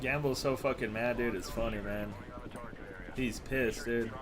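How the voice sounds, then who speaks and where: A man's voice: medium pitch, steady tone, measured pace, music in the background. A man live-streaming a game while ranting casually, swearing freely and tacking "dude" or "bro" onto nearly every phrase in a mocking, scornful tone. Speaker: gaming streamer.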